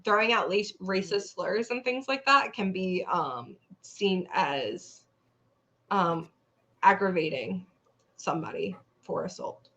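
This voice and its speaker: A woman's voice: mid-range voice, slow pace, a bit bright. A young woman co-hosting a podcast, casually retelling a story she saw online, acting out the people in it and swearing freely. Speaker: podcast co-host.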